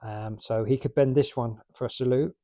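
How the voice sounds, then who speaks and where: A man's voice: mid-range voice, fairly even intonation, normal speed, warm tone. A man in his late forties from the UK, chatting casually and rambling about his toy collection. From United Kingdom. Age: 40s. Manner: rambling, chatty, self-mocking.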